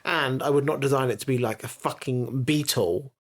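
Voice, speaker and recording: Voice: medium pitch, normal speed. A podcast co-host in casual chat, blunt, opinionated and given to swearing. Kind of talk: casual chat reviewing an episode.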